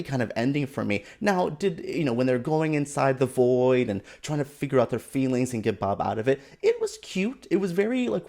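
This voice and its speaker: A man giving a casual, animated and exasperated opinion rant as a film commentator, with sarcastic asides. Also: medium pitch, gravelly.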